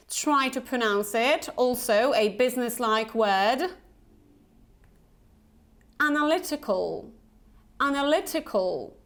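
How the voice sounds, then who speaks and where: A woman in her thirties with a light Polish accent leads an English pronunciation drill. Her voice sits somewhat high, and she speaks slowly and deliberately. She models each word twice so the learner can repeat it. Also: fairly bright tone. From Poland. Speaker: Business English pronunciation trainer.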